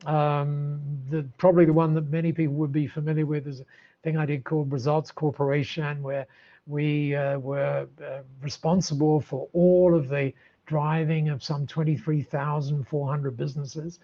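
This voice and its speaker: An older man, a podcast guest, telling stories in an animated way with many restarts and laughs. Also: fairly high pitch, moderate pace, highs cut off. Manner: animated, warm storyteller with frequent restarts and laughs. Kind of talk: storytelling in an interview.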